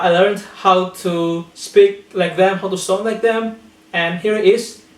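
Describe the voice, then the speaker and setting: High-voiced man teaching English in a roomy space. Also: distant mic. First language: not English. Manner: explains step by step, acts out short example exchanges. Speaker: language teacher. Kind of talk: casual English lesson to camera. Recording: roomy echo, from off-mic, faint music.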